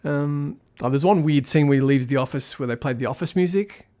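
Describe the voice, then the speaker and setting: A man's voice: on the high side, a little fast, dark tone. A man giving a casual spoken film review, rambling and critical as he thinks aloud.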